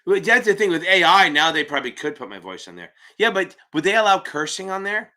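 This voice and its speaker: A man tutors exam students on a live stream, answering their questions in a loose, rambling way. His voice sits a little high and rings very bright and sharp. He is blunt and swears freely as he goes. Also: sing-song, fairly quick.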